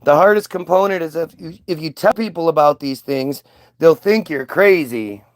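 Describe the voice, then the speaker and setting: A man's voice: on the high side, moderate pace, dry recording. A man ranting in casual commentary, sarcastic and profane, mocking people as he reacts to clips.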